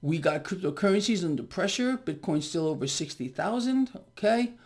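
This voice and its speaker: Speaking straight to camera, a man delivers emphatic market commentary in a high, animated, slightly mellow voice at a moderate pace. He repeats his words, calls his audience "people" and keeps checking in with "okay?"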